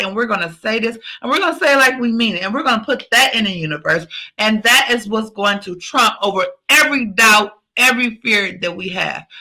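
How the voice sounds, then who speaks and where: A woman hosts a podcast in a high, piercingly bright voice. She drives each point home through emphatic repetition, pep-talk style. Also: poor audio. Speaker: podcast host.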